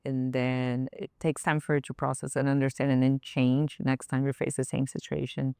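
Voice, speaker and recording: A woman's voice: very deep voice, normal speed, clear, resonant tone, dry recording, studio quality. A woman with a Brazilian accent, a podcast guest speaking frankly and with laughter in a casual roundtable chat. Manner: frank, laughing, animated storytelling.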